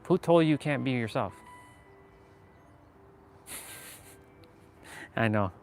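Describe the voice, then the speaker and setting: A man chatting on a live stream, earnest and rambling, full of fillers as he gives motivational self-help talk to his viewers. His voice sits at an ordinary middle pitch, and a faint hiss of background noise runs under the home recording. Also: animated, slow pace, creaky, a little mellow.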